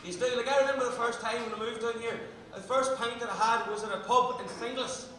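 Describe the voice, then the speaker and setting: A man with a Derry accent doing a stand-up set, talking fast and swearing as he works the crowd. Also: very high voice, fairly even intonation, noisy background. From Derry, Northern Ireland. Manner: rapid-fire, sweary banter with the crowd. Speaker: stand-up comedian. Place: comedy club stage. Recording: echoey club recording from a distance. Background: audience laughter.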